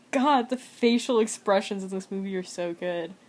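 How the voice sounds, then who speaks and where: A woman's voice: medium pitch, darkish tone. A young woman giving casual, profane watch-along commentary on a movie, laughing often and rambling. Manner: swears a lot, laughs often, rambling reactions. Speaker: host reacting to a film.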